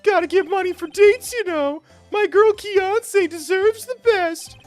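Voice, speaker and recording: A man voicing a goofy, excitable young slacker with a squeaky manner. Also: measured pace, no echo, faint music behind. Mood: excited. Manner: squeaky, overexcited.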